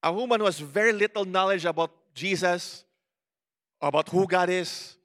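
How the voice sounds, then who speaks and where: A man's voice: high voice, moderate pace, a bit bright, in a large hall. A man with a Cebuano Filipino accent preaching a sermon in a conversational way, often checking in with the listeners. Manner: code-switching, conversational, asks the congregation questions.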